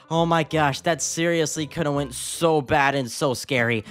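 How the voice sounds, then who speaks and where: A man giving excitable gameplay commentary, gasping at scares and calling the viewers dude. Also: medium pitch, fairly quick, few pauses, soft background music. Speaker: gaming YouTuber.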